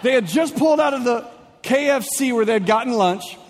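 High-voiced young pastor in a reverberant church. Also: male voice, a little fast. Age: young adult. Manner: animated storytelling, swings in pace. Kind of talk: sermon with a comic personal story.

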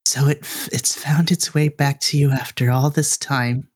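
A man's voice: mid-range voice, steady tone, moderate pace, slightly rough, natural voice. A man voicing a tender elderly nanny. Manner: tender, affectionate. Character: elderly woman, gentle longtime family servant.

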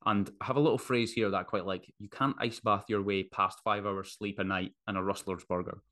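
A man with a somewhat low voice hosts a solo podcast. He talks casually and bluntly, dropping swear words freely. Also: fairly even intonation, fairly quick, fairly bright tone. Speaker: podcast host.

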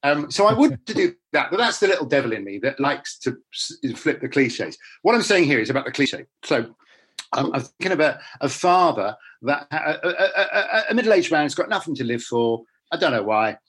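Husky middle-aged guy, actor chatting in an interview, blunt, voice bouncing all over. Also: fairly high pitch, normal speed. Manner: animated, blunt storyteller with frequent restarts. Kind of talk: casual interview chat.

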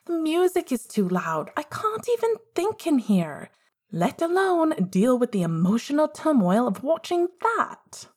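A woman voicing a bossy, exasperated young woman who talks in a brisk, commanding way. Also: medium pitch, big pitch swings, darkish tone, breathy edge.

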